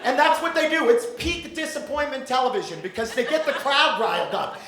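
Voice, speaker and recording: A man doing a stand-up set in a theater, loud and mocking, swearing and acting out voices. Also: very high voice, expressive, brisk, a crowd in the background. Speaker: stand-up comedian. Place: theater stage before a live audience. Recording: echoey live theater recording with noise.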